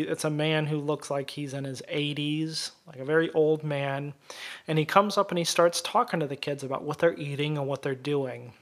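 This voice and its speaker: A man co-hosting a casual podcast, retelling a film scene at length in an animated way. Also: a little high. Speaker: podcast co-host.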